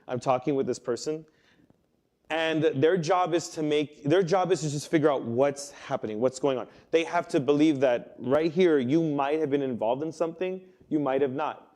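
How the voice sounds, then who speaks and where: A man's voice: medium pitch, warm tone. A young man preaching to a youth group, telling a personal story in a conversational, earnest way, acting out the quoted lines. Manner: conversational, earnest, with many restarts and quoted inner thoughts. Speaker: youth pastor.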